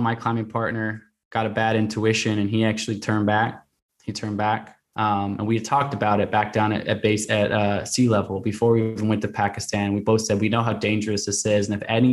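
A man telling a personal story as a podcast guest, conversational with many fillers and restarts. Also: fairly low pitch. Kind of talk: casual storytelling.

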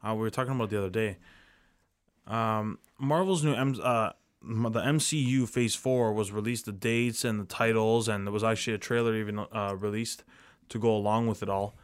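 A man's voice: lowish voice, fairly even intonation, fairly quick, clean tone, no echo, clean studio sound. A young man co-hosting a podcast, rambling casually with lots of fillers and restarts. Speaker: podcast co-host. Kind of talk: casual chat.

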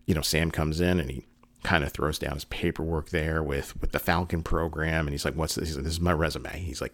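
A man speaks in a strikingly deep, low register, talking through a casual commentary. He rambles earnestly, restarting sentences and stacking fillers, and gets emotional at times. The sound is dry and close, with no room around it. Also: steady tone, brisk, no room sound. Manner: emotional, getting choked up.

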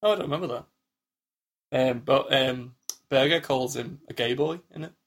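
A man's voice: mid-range voice, normal speed, fairly bright tone. A man co-hosting a podcast, chatting casually and rambling, often restarting his sentences and acting out the lines he quotes. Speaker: podcast co-host. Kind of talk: casual chat.

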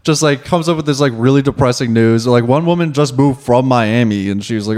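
A man's voice: medium pitch, fast talker, hardly any pauses, a little mellow. A young man in casual chat, telling a wry story from work in a laid-back way.

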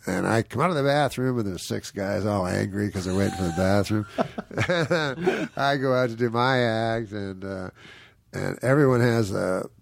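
A man's voice: fairly low pitch, moderate pace, gravelly. A man, a guest comedian, telling a rambling anecdote, chuckling often and mimicking the people in it. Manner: meandering storyteller, chuckles often, mimics people in his stories.

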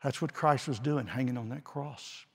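A man preaching a sermon with slow, dramatic delivery and long pauses, swinging from forceful declarations to hushed, quiet phrases. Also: medium pitch, vocal fry, husky. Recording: long reverb of a large hall.

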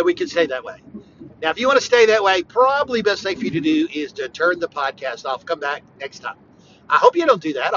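A man preaching on a podcast in an informal, conversational way, emphatic and repetitive, with sudden bursts of loud emphasis. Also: high-pitched, highs cut off, a little hiss or hum. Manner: conversational, talks straight to the listener. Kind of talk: informal devotional podcast talk.

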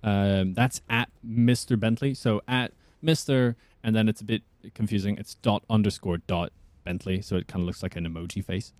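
A man's voice: on the low side, steady tone, normal speed, few pauses, a little mellow, no room sound. Chatty man voice actor, dry sound. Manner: chatty, laughing, restarts often. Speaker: voice actor guest. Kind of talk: casual podcast chat.

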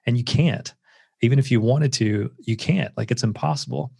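A man's voice: medium pitch, moderate pace, gravelly, darkish tone, slightly rough, no room sound. A man speaking as a guest author in a casual interview, earnest and reflective, with many filler words.

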